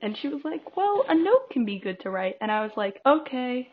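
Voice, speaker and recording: A woman's voice: a little high, big pitch swings, unhurried, few pauses, a little hiss or hum. A young woman co-hosting a podcast, telling stories in a chatty, casual way and filling her talk with "like". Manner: chatty storytelling, lots of "like". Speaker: podcast co-host. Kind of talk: casual chat. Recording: dull lo-fi recording.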